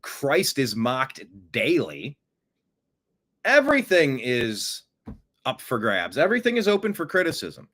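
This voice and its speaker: A man's voice: mid-range voice, wildly swooping pitch, measured pace, fairly bright tone. A man hosting casual political commentary, sarcastic, and mocking his critics with put-on gasps and voices. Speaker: host.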